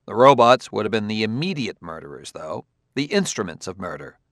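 A man's voice: on the low side, very animated, fairly quick, a bit bright, dry recording, studio quality. A man voicing an insistent adult male detective who presses his questions methodically, read as an audiobook character.

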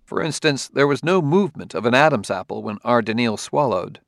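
Gravelly male audiobook narrator. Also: medium pitch, lively intonation, fairly quick, dry recording, studio quality. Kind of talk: scripted narration.

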